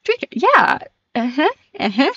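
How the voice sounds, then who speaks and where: Woman streamer, casual chat, giggly, flustered, slow unhurried talk, dry close sound, slightly dull mic. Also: high-pitched, very animated, bright, forceful tone, dry recording. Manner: giggly, flustered, laughs often.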